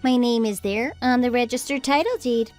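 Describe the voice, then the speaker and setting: A woman voicing an entitled, demanding young sister-in-law who yells and bosses people around. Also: normal speed, faint music behind, natural voice. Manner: demanding, shrill, yelling. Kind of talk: texting-story voice acting.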